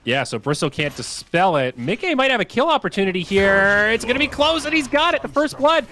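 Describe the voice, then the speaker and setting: Male esports play-by-play caster, lively slightly high voice, excitable calls. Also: fairly quick. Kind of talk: play-by-play commentary.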